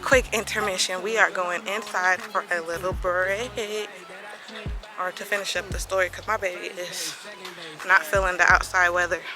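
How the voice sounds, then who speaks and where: A young woman vlogger telling a personal story in a casual, animated way, acting out what people said. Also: fairly low pitch, moderate pace, loud music behind the voice, poor audio. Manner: animated, dramatic retelling that acts out quoted voices.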